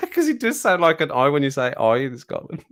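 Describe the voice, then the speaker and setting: A man's voice: fairly high pitch, wildly swooping pitch, normal speed, fairly bright tone, no room sound, clean studio sound. A man hosting a livestream, chatting casually, reading the chat aloud and laughing often. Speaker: livestream host.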